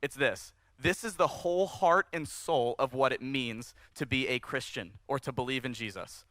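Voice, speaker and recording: A man preaching a sermon at a church service, conversational and animated, rising in emphasis as he speaks to the congregation. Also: mid-range voice, moderate pace, dry recording. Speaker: pastor.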